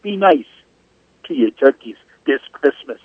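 A man's voice: medium pitch, animated, unhurried, slightly rough, no echo. A man putting on a Jamaican accent for a rhythmic poem. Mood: playful. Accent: Jamaican, put on. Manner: rhythmic, chanting delivery. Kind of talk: poetry reading. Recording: lo-fi radio sound.

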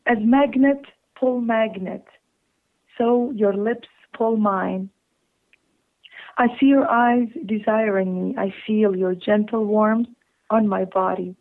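Woman reading poetry over a phone line. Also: mid-range voice. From Canada. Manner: slow, tender recital with laughing asides. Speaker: caller reading her poetry. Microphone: telephone.

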